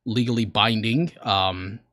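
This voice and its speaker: A man's voice: fairly low pitch, measured pace, a bit bright, dry recording. An American man in his twenties or so, talking casually and earnestly while reacting to videos on a stream, sometimes rambling. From United States. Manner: earnest, rambling, emotional at times.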